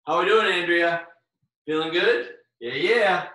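An out-of-breath man runs a live online fitness class, calling out moves and encouraging people by name. His voice is fairly high and bright, and his delivery is unhurried. He sounds distant from the mic in a strongly echoing room. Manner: upbeat, cheering on participants by name while exercising. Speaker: fitness instructor. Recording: very echoey room, far from the mic.

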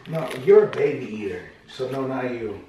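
A man's voice: medium pitch, expressive, normal speed, dark tone. A young man off camera, bantering in a teasing, dry, cocky way. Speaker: vlogger's partner off camera. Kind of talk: casual banter. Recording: roomy and distant with noticeable noise.

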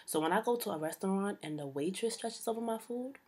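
Sassy, husky young woman ranting. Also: mid-range voice, animated, fast talker, warm tone. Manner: sassy, exasperated, slangy. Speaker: vlogger. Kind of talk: casual comedic rant to camera.

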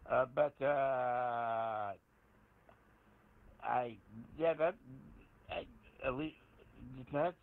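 A hesitant man on a ham radio check-in gropes for words and keeps restarting. His voice is gravelly with lots of fry, and it arrives through a thin, phone-like radio channel. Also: mid-range voice, extremely slow, long pauses. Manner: hesitant, many fillers and restarts. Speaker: amateur radio net participant. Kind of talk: casual on-air discussion. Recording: narrow amateur radio transmission.

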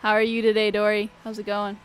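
A woman's voice: mid-range voice, monotone, fast, a little hiss or hum. A young woman streaming a racing game, chatting casually and playfully teasing her viewers. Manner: playful, teasing, talks straight to chat. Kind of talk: casual live-stream gaming chat.

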